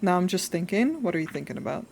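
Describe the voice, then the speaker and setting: A woman's voice: lowish voice, sing-song, fast, gravelly, noisy background. A young adult woman chatting casually while drawing on a live stream, rambling and self-reflective, laughing often.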